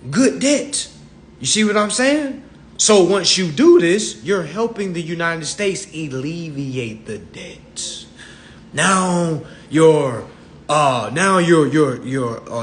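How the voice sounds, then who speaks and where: A man's voice: on the high side, expressive, slow, slight background noise. A man lecturing on a livestream in a streetwise, profane manner, laughing at his own jokes and slipping into mock voices. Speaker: financial self-help lecturer. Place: livestream at home.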